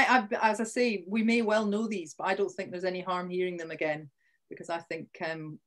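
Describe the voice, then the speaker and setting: A Scottish woman leads a live online training session over a video call. She talks in a chatty way, restarts her sentences often and punches out the words she wants to stress. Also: fairly low pitch. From Scotland. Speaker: workshop presenter.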